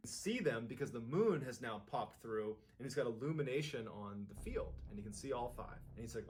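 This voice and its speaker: A man's voice: medium pitch, lively intonation, brisk, hardly any pauses, slight background noise. A man narrating a horror story with a suspenseful manner that builds intensity.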